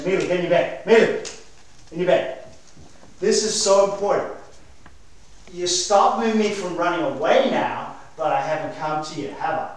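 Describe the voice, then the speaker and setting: Male dog trainer coaching hands-on, kinda high voice, echoey room far from the mic. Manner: coaching, energetic and direct.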